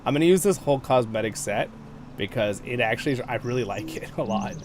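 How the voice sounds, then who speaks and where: Chatty, lively male game streamer. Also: mid-range voice, a little hiss or hum. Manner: chatty, playful, quick to laugh. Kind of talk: casual gameplay commentary.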